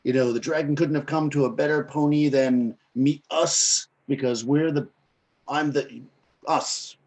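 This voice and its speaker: A man's voice: a little high, fairly even intonation, a little slow, a little mellow, poor audio. A man playing a pompous, boastful unicorn pony. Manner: pompous and self-assured.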